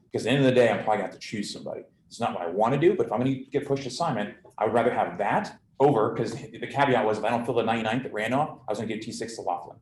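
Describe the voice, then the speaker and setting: A man commanding a squadron speaks to his officers in a blunt, conversational way, peppering his account with military shorthand and easy fillers. His voice sits low, and the room around him rings with a noticeable echo over a faint hum of ambience. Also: very fast, hardly any pauses. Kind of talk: candid briefing to his officers.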